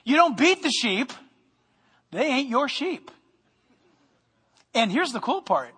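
Male pastor, high bright tone, humorous energetic sermon, long church-hall reverb. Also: slow, breathy edge. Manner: animated preaching with humor, sometimes loud. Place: church sanctuary.

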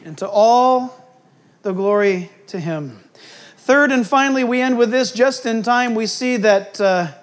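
A man preaching a sermon as pastor, swinging between loud emphatic bursts and quiet, hushed asides. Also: very high voice, unhurried.

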